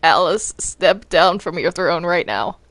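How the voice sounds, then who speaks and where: A man's voice: sits high, animated, unhurried, a bit bright, dry recording. A man voicing a flustered male cartoon demon in a game role-play, stammering and repeating words. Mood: stern. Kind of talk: Minecraft role-play acting.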